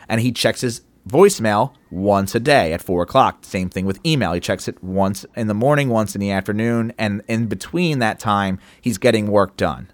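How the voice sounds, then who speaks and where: This lowish-voiced co-host talks at a moderate pace with few pauses, keeping the podcast chat loose and casual, cursing offhand as he performs stories from work. There's no room sound.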